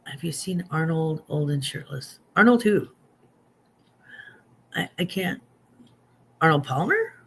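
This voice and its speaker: Speaking slowly and pausing often, this fifty-something livestream host has a low, expressive, slightly rough voice. She chats casually, pokes fun at herself, and reads out viewer comments before responding to them.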